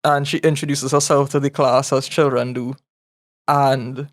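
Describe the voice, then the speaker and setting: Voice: medium pitch, unhurried. A podcast co-host spinning a comedic story with frequent laughter and loose grammar. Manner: animated storyteller, laughs often, nonstandard grammar. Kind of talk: casual comedic brainstorming.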